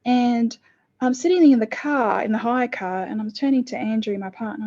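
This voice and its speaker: A lively middle-aged woman talks through a personal story in a relaxed interview. She slips into acted quotes from her past self. The sound is slightly muffled. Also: a little high, moderate pace. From lived in the UK. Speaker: podcast co-host, guest. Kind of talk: casual interview chat.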